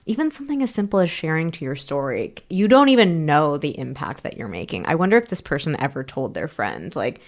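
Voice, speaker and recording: A woman podcast co-host with a fairly low voice. She chats casually and reads messages from listeners aloud. Her delivery is upbeat and warm. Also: sing-song, a little fast, hardly any pauses.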